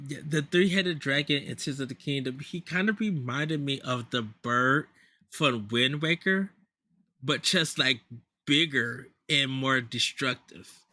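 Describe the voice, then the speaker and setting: A man's voice: medium pitch, a little slow, sharp tone, dry recording, clean studio sound. A man hosting a casual podcast chat, hesitant and full of restarts as he steers the talk. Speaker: podcast host.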